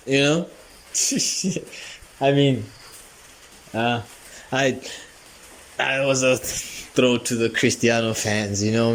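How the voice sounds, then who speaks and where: A man's voice: mid-range voice, slight background noise. A man hosting a comedy podcast, telling a rambling, profane story and laughing often. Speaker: podcast host.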